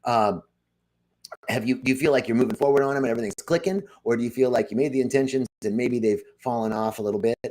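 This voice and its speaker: A man's voice: medium pitch, fast talker, slight background noise. A man giving an inspirational spiritual talk on a live stream, telling stories and speaking straight to his viewers. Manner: lively storytelling, addresses viewers directly. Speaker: spiritual speaker at a wellness center.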